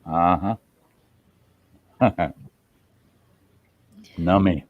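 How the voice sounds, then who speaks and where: A man's voice: low-pitched, drawn-out words, muffled recording. A man hosting a casual livestream, chatting and joking while he eats, talking with his mouth full. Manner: jokey and chatty, lively. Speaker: show host.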